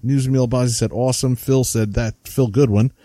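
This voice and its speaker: A man's voice: mid-range voice, steady tone, fairly quick, mellow, no echo. Chatty man with a Jersey accent. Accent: New Jersey. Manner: chatty, laughs while reading names. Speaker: podcast co-host. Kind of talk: casual chat, reading listener comments.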